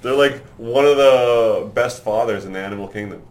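A man's voice: medium pitch, moderate pace, slight background noise. Stoned guy chatting crudely. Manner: rambling, crude and laughing. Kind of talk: casual chat.

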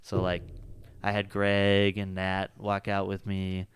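A man's voice: low voice, completely flat delivery, slow, clean tone. A jiu-jitsu coach chatting casually in an interview, rambling and filling his sentences with "like" and "you know.". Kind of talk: casual chat.

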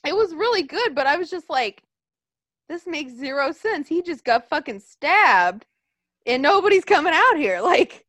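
A woman chatting casually as a podcast co-host, animated, swearing freely and acting out what others said. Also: sits high, moderate pace, no echo. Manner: animated, swears a lot, acts out quotes. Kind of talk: casual wrestling chat.

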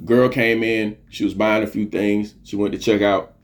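A man's voice: on the low side, flat delivery, normal speed. Earnest man preaching self-worth. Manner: earnest, preachy, repeats phrases for emphasis; swears casually. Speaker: podcast host. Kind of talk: motivational monologue.

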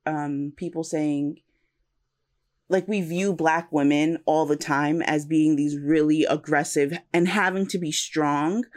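A young podcast co-host with a low-pitched voice sounds reflective in a casual chat. She searches for words and often restarts her sentences.

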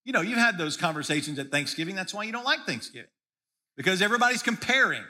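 Male pastor with a high, bright voice, preaching casually and often repeating himself mid-sentence. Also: sing-song, fast talker. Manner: conversational preaching with frequent restarts and repeated words. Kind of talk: sermon.

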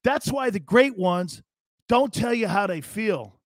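A man's voice: sits high, expressive, a little slow, dry recording, studio quality. A man in his fifties hosting a live sports talk show, ranting in a brash, sarcastic and blunt way.

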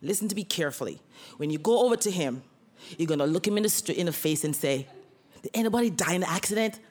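A woman's voice: fairly low pitch, expressive, fast talker, a little mellow. A woman voicing her male car dealership boss, blunt and shrewd, giving orders. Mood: commanding. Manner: blunt commands.

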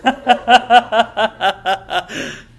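Bright-voiced male pastor preaching. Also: very high voice, extremely slow, creaky. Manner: emphatic preaching with frequent amens and chuckles. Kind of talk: sermon.

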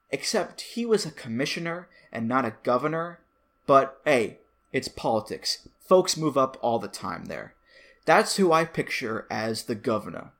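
A man's voice: mid-range voice, a bit bright. A man hosting a commentary video, talking in a playful way with wry asides. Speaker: host.

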